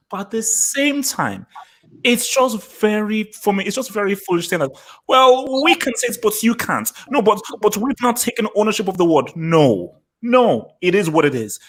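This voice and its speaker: A man moderating a casual discussion who argues his own view with energy and then hands the floor to others. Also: high voice. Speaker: podcast host and moderator.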